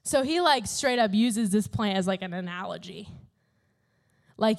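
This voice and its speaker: A young woman telling a Bible story to a youth group in a casual, animated way, full of "like" and "literally". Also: medium pitch, measured pace, gravelly, pauses often. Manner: animated, chatty, fills talk with "like" and "literally".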